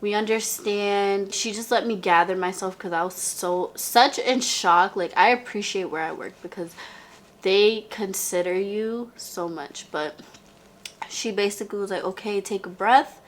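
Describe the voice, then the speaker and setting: Brief: young woman vlogger, unhurried, chatty storytime voice with lots of fillers. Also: medium pitch. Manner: chatty, heavy "like" filler, talks to viewer as "girl". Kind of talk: casual storytime monologue.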